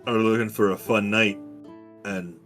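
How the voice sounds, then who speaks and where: A man voicing a gruff, gun-loving American cowboy with a slow, threatening drawl. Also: fairly low pitch, fairly even intonation, fairly bright tone, faint music behind.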